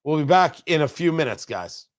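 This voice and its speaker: A man's voice: fairly high pitch, animated, moderate pace. A male radio talk show host giving opinionated political commentary from the studio, full of sarcastic, riffing asides.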